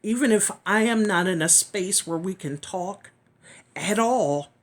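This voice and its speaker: A woman giving a heartfelt personal testimony, earnest and reflective, often pausing and sometimes dropping to a whisper. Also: mid-range voice, lively intonation. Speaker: chronic illness vlogger.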